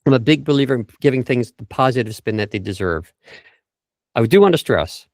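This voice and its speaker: A middle-aged man, a vocal coach, talking casually in a podcast interview and acting out example phrases with lively emphasis. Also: medium pitch, brisk, dry recording, studio quality. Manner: animated, acts out example phrases.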